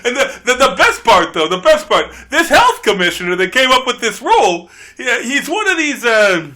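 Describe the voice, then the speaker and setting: A man's voice: very high voice, big pitch swings, moderate pace, sharp tone. Sex: man. Role: podcast guest host. Style: casual comedic chat. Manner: rambling, brash, laughing.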